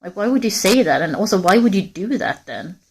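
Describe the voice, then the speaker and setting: A woman's voice: medium pitch, animated, brisk, a little hiss or hum. A woman livestreamer walking in a forest, talking candidly and rambling straight to her viewers in casual chat. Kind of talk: casual live-stream chat.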